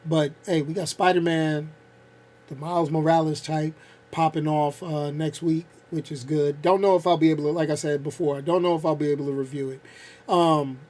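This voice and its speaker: A man in his fifties hosts a casual vlog at a moderate pace, his pitch fairly high. He's a blunt, animated ranter who uses slang and laughs often.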